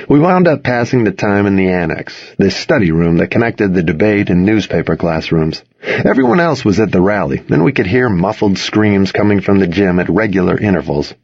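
Man, audiobook narrator, husky, animated pitch, dry muffled studio sound. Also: moderate pace, dry recording. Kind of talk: first-person audiobook narration.

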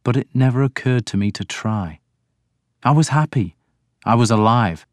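A man reading a first-person story as an audiobook narrator in a measured storytelling manner. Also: medium pitch, animated, no room sound, clean studio sound.

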